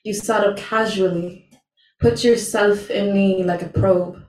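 Young woman doing slam poetry at an open mic, slow and heavy, echoey room, picked up from far back. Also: medium pitch, steady tone, a little mellow. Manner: slow, deliberate and intense. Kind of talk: spoken word poetry performance. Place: small venue, indoors. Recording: roomy, from far off.

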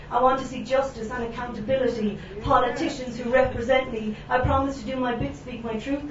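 A woman's voice: on the high side, slight background noise. Defiant woman reciting spoken-word poetry. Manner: rhythmic, defiant, rhyming delivery. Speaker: performance poet. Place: echoey venue, live event. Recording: echoey room, distant, dull sound.

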